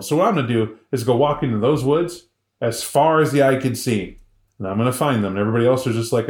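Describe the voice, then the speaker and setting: A podcast co-host tells a story in a casual, lively way, cracking jokes along the way. His voice sits mid-range. The room adds a noticeable echo. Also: medium pitch, brisk. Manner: animated, joking, full of voices.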